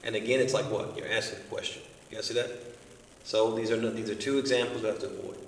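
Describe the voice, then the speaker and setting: A man's voice: on the low side, steady tone, fast, gravelly, slight background noise. Man, religious studies teacher, evening lesson, checks in with listeners often, distant voice, long hall reverb. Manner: explanatory, with repeated rhetorical checks to the audience. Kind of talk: evening study circle lesson. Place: large community center hall. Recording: echoey hall, voice from far off.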